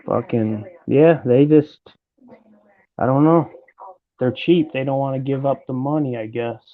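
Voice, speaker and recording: A man's voice: mid-range voice, measured pace. A man hosting a live stream, talking in a loose, laid-back way and swearing casually. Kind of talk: casual chat. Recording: tinny phone-like call audio.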